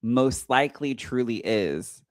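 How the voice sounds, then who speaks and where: Animated man chatting on a podcast, dry sound. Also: mid-range voice, a little slow, no room sound. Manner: animated storyteller, acting out quoted lines. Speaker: psychic medium and podcast co-host. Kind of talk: casual chat.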